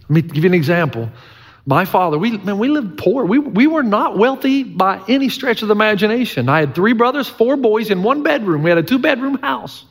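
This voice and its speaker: A middle-aged pastor delivers an earnest sermon in a slightly high voice. His delivery is emphatic and folksy, and he repeats his main points. A long reverb trails each phrase, as it would in a large church hall. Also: very animated, a little fast. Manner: earnest, emphatic preaching with folksy humor and repetition.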